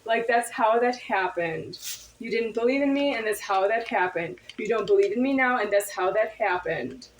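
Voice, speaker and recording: A woman's voice: on the high side, normal speed, echoey room, a little hiss or hum, low-quality recording. A woman in a confrontational monologue to camera, firing off insistent, repetitive rhetorical questions.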